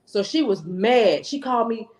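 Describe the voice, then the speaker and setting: Woman telling a story, animated. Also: on the high side, moderate pace. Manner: animated storyteller acting out quoted dialogue. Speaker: podcast guest. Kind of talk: storytelling, casual chat.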